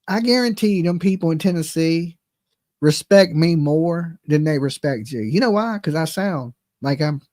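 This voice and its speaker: A man's voice: sits high, a little mellow, no echo, clean studio sound. A man with a Southern US accent giving a heated reaction rant as a channel host, repeating himself and tossing in "okay?". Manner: heated, repetitive, keeps asking "okay?". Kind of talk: ranting reaction commentary.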